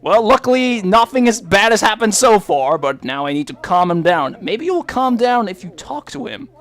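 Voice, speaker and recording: A man's voice: sits high, sing-song, normal speed, a bit bright. A man hosting a let's play, giving joking, chatty commentary over his gameplay.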